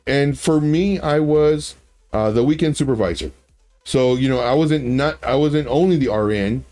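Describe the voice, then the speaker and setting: A man's voice: mid-range voice, a little mellow. Rambling man hosting a casual stream. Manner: rambling, storytelling, many restarts. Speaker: livestream host. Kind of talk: casual livestream chat.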